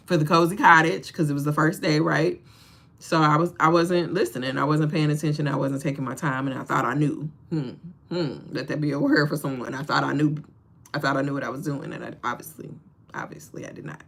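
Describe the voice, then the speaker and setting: Low and creaky, this woman's voice carries her casual livestream as host. She addresses viewers head-on, laughing often and animatedly delivering preachy encouragement.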